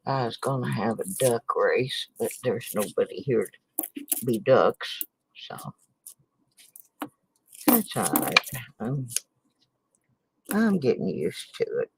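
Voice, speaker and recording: A woman's voice: extremely low pitch, very animated, slow pace, vocal fry, long pauses, slight background noise, rough recording. A sleepless woman rambling in a folksy way as she sorts coins in her living room late at night, sighing and muttering little exclamations. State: tired and sleepless. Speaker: coin roll hunting vlogger. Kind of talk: late-night casual chat while searching coins.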